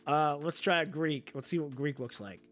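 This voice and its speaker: A man chatting casually to his viewers, rambling and thinking out loud with the odd swear. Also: fairly high pitch, moderate pace, faint music behind. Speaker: streamer.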